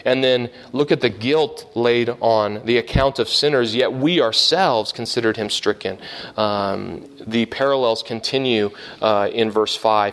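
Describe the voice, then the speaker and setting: A man's voice: medium pitch, a little slow, fairly bright tone. A man preaching a conversational sermon, explaining a Bible passage in an earnest, teaching manner with frequent fillers and restarts.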